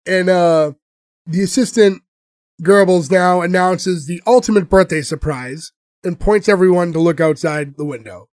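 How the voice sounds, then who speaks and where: A man with a notably high voice hosts a casual podcast chat. He retells scenes in a loose, rambling way, full of fillers and restarts. The sound is dry and close. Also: moderate pace, a little mellow, no echo. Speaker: podcast host. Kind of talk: casual chat recapping a show.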